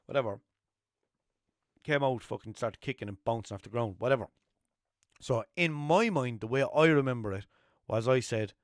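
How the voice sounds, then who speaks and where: A young Irish man from Limerick hosts his podcast in a loose, rambling storytelling flow, swearing freely and breaking into lively quoted voices. His voice sits at an ordinary middle pitch for a man, and the recording is dry and close, with no room echo. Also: moderate pace, long pauses. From Limerick, Ireland. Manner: rambling, swears a lot, jumps into animated quotes. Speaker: podcast host. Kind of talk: casual storytelling monologue.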